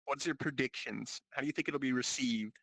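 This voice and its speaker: Bright-voiced man hosting casual banter. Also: medium pitch, fairly quick, gravelly, no echo, low-quality recording. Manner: rambling, swears freely, laughs often. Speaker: podcast host. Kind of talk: casual group banter about VR.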